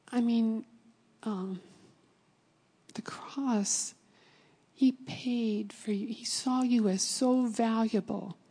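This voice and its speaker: A woman's voice: medium pitch, mellow, slightly rough. A middle-aged woman preaching a sermon with personal stories, earnest and sometimes dropping to a whisper for emphasis. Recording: long hall reverb.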